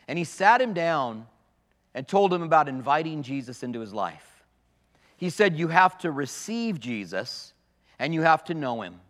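A man's voice: fairly high pitch, a bit bright. A man preaching a sermon, reading scripture aloud and explaining it to his congregation. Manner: expository preaching with quoted scripture. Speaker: pastor. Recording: long reverb of a large hall.

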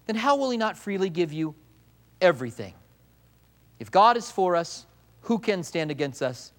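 A man preaching a sermon as a pastor, animated, acting out voices in quotes and repeating key lines for emphasis. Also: fairly high pitch.

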